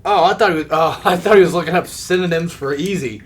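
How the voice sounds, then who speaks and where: A man hosting a casual gaming chat, trading quick jokes with a friend. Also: fairly high pitch. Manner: joking, quick banter. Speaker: gaming channel host.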